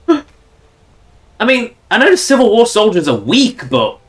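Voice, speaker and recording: A man's voice: high voice, wildly swooping pitch, slow. Rambling man commentating a game. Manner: rambling, chatty, with frequent restarts. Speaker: game streamer. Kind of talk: casual gameplay commentary.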